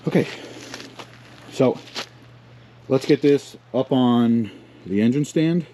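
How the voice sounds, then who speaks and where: A man's voice: medium pitch, slow pace, dark tone. A man in his thirties hosting a casual garage vlog, joking at his own expense as he rambles, a little out of breath. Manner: joking, self-mocking, rambling. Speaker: channel host. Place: home garage and shed.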